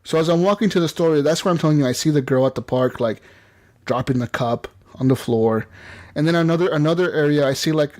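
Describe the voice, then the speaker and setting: A man hosting a casual gaming podcast, telling a story in a rambling, excited way full of "like" and "you know". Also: fairly high pitch, quick pace. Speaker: podcast host.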